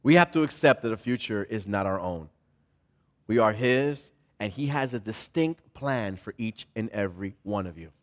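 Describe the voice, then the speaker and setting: A man preacher delivering a lively sermon, swinging between loud emphasis and quiet, repeating phrases. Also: lowish voice, normal speed.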